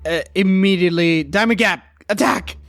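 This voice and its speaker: A man playing a tabletop role-playing game, playful and quick to laugh. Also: sits high, a bit bright, no echo. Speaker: player.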